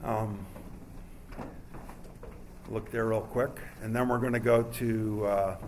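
A man's voice: on the low side, fairly even intonation, takes it slowly, a little mellow, slight background noise. A man from New York preaching a sermon to a congregation in a conversational way, with many fillers and asides. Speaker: pastor.

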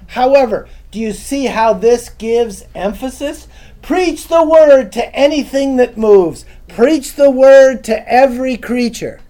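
A man's voice: high voice, dark tone. A man giving an informal Bible teaching to a small live audience, chatty and casual, often asking the listeners questions. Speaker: preacher.

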